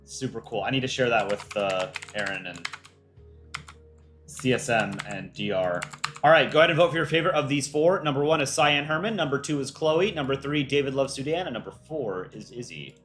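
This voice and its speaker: A man hosts a casual livestream, answering chat questions in a relaxed, offhand manner. He thinks aloud with frequent ums, at an ordinary middle pitch, with faint music underneath. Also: brisk. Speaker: livestream host for a countryball animation channel.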